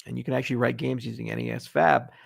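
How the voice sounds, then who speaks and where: A man's voice: medium pitch, flat delivery, quick pace, creaky, husky. A middle-aged man hosting a casual livestream Q&A, answering viewer questions in a blunt, sarcastic and profane way. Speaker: host.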